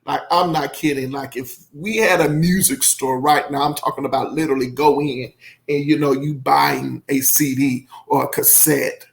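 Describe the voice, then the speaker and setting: A man's voice: medium pitch, steady tone, normal speed, gravelly. A man giving a casual, effusive album review, rambling and emotional, with many fillers. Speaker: music reviewer.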